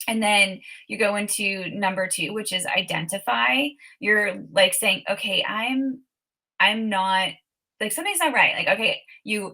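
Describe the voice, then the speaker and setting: A woman with a bright, forceful voice talks in a relaxed interview. She lays out her method step by step, in an earnest tone. Now and then she speaks a prayer aloud as if in the moment. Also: mid-range voice, low-quality recording. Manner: Christian faith talk. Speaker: author and coach, podcast guest. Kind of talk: casual interview talk.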